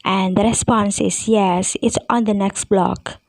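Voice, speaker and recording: A woman English teacher with an Indonesian accent, calmly explaining test questions and reading out example answers in a recorded lesson. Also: medium pitch, unhurried, no room sound, poor audio.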